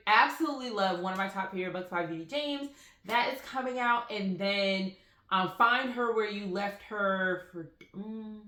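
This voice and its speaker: A woman talks through her latest book purchases in a loose, rambling way, piling on fillers as she tells her stories. Her voice is bright and forward. She records on a phone in a room that gives her voice a noticeable echo. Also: mid-range voice. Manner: rambling, animated storytelling with frequent fillers. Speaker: book vlogger. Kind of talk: casual chatty book haul vlog. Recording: roomy echoey room.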